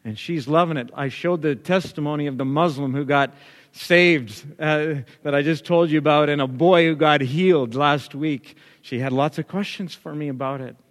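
A man's voice: on the high side, normal speed. A male pastor preaching a sermon, telling a story and building up to emphatic, repeated lines. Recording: long hall reverb.

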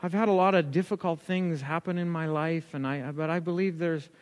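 A man's voice: fairly high pitch, fairly even intonation, fairly quick, a little mellow, lightly acted. A man retelling the words of a curious woman visiting church for the first time, in his own voice with a lifted, questioning tone. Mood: earnest. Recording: long hall reverb.

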